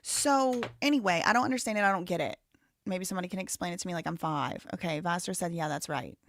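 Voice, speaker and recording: Lower-pitched woman chatting on a livestream. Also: quick pace, fairly bright tone, a little hiss or hum. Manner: rambling, heavy on "like" fillers, thinks aloud. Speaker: livestream host. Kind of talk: casual live-stream chat.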